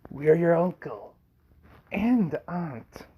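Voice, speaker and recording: A man voicing an alien symbiote creature that speaks as a group, low and half-whispered. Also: big pitch swings, slow pace, warm tone, breathy edge, exaggerated voice. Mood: sly.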